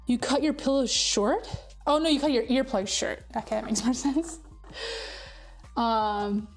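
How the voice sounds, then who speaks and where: A woman's voice: on the high side, a little slow, faint music behind. A woman streaming live, chatting casually with her viewers and reading their messages aloud. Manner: chatty, laughing, reads chat aloud. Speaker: virtual streamer.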